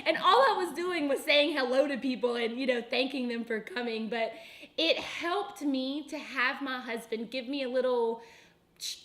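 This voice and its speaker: A woman's voice: high voice, moderate pace, a bit bright. A young woman co-hosting a ministry video with her husband, chatting casually to camera and laughing often. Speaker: ministry vlogger, co-host with husband.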